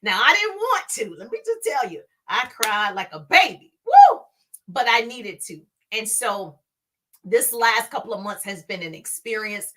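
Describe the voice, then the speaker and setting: Bright, lively woman telling her story. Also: fairly high pitch, moderate pace. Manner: animated, laughs often, playful exclamations like "baby". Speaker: speaker teaching social media marketing. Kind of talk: casual motivational storytelling.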